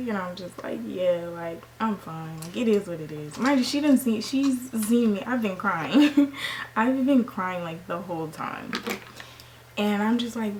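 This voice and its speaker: A woman's voice: medium pitch, unhurried, a little hiss or hum, low-quality recording. Slangy young woman telling a story. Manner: animated, slangy, acts out quoted lines. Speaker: beauty vlogger. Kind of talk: casual storytime while doing makeup.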